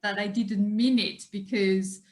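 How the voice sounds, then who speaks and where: Brief: woman guest, chatty storyteller, mid-pitched, laughs easily. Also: fairly even intonation, unhurried. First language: French. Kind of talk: casual conversation.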